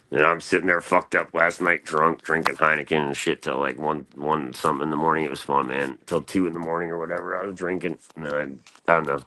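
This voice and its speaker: Very deep-voiced laid-back man. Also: sharp tone. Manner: laid-back, slangy, loose storytelling with lots of fillers. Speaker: guest on a live panel stream. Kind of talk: rambling casual chat.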